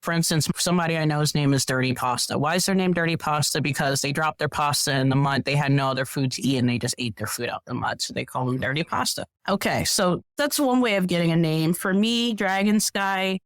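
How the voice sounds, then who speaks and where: A woman guest on a podcast telling stories in a casual, animated way, acting out what people said. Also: low voice, a little fast, few pauses, dry recording. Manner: animated, acts out quoted voices. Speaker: podcast guest, professional hiker. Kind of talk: casual storytelling.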